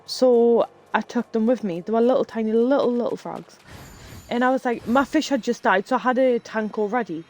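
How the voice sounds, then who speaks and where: A woman's voice: fairly high pitch, moderate pace, darkish tone. A woman streaming live, telling rambling stories in casual chat while she plays a game and swearing freely. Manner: chatty, rambling storyteller who swears freely.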